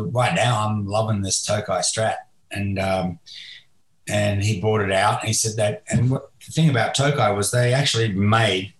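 Low-voiced man in an echoey room. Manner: rambling, hesitant, lots of fillers. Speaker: guest musician. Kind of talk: casual interview chat. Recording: roomy echo.

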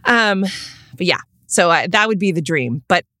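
A woman chatting about her movie, talking with eager, gushing excitement and quick bursts of laughter. Her voice sits a little low. The sound is dry and close, with no room echo. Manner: enthusiastic, gushing, laughs often. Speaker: film director guest. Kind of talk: casual chat.

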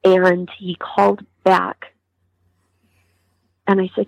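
Grieving mom being interviewed, stops and restarts a lot, kinda muffled lo-fi audio. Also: female voice, lowish voice, level tone, slightly rough, dry recording. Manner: halting, many restarts and pauses. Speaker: mother of a murder victim, interview guest. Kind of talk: emotional interview testimony.

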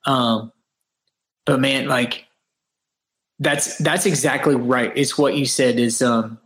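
A man's voice: medium pitch, steady tone, slow, fairly bright tone. Earnest man with roomy echo. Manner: earnest, reflective, talks in long runs with restarts. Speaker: podcast guest. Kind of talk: casual interview chat.

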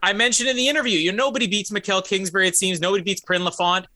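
Upbeat high-voiced male host, very bright. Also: fairly even intonation, very fast. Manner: upbeat, laughs often, teasing. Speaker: podcast host. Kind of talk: casual chat.

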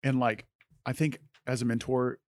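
A man co-hosting a faith-based podcast about mentoring youth, talking in a relaxed way with lots of "like" and soft trailing endings. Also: medium pitch, moderate pace, dry recording, clean studio sound. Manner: relaxed and conversational, full of "like", trails off softly.

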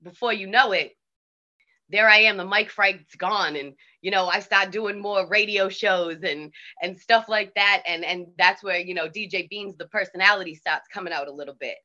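A woman with a Boston accent, a DJ telling stories in a casual interview, animated and swearing freely. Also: mid-range voice, moderate pace, lo-fi sound. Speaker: DJ guest.

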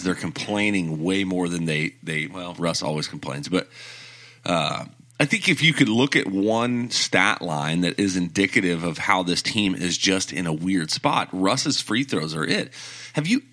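A man's voice: low-pitched, animated, moderate pace, sharp tone. A man co-hosting a podcast, chatting casually about basketball, opinionated and explaining at length. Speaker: podcast co-host. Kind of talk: casual sports chat.

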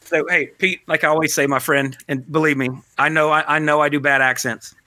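A man's voice: a little high, fairly even intonation, brisk, pushed and bright, dry recording, clean studio sound. A man hosting a podcast in casual, rambling chat, joking at his own expense. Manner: rambling, self-deprecating, joking. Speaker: podcast host.

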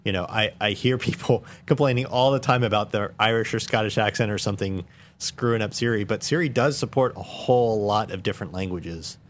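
A man on a tech podcast panel, explaining things step by step in a relaxed way and laughing easily. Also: lowish voice, fairly quick. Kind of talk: casual tech chat.

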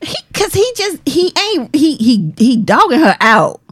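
Woman cohost, super expressive voice, exasperated, dry close sound. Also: high voice, measured pace, dry recording. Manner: animated, exasperated commentary. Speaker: podcast co-host. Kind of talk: casual chat.

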